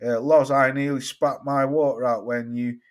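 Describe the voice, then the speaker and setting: A man's voice: mid-range voice, moderate pace. Opinionated London man on boxing. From England. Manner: swears freely, animated and opinionated; answers viewer comments live. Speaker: boxing channel host. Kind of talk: casual live-stream chat.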